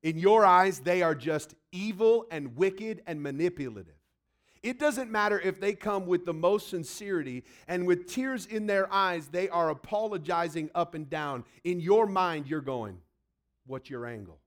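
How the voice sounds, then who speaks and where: A man's voice: sits high, expressive, moderate pace. A man preaching a sermon in a conversational way, acting out little quotes. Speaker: pastor.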